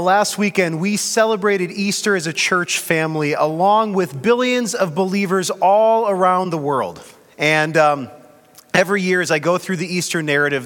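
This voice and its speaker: A man's voice: high voice, a bit bright, long reverb tail. A man preaching a sermon as pastor, in a conversational way with light humor.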